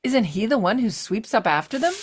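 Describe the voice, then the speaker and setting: A woman's voice: fairly high pitch, sing-song, brisk, breathy edge. A woman in a scripted audio drama asking a curious stream of questions. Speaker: questioning companion.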